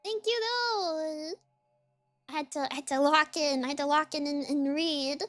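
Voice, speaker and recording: A woman's voice: high voice, unhurried, a bit bright, no echo, soft background music. A young woman streaming as a VTuber, chatting with her viewers in a bubbly, giggly way and thanking raiders. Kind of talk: casual livestream gaming chat.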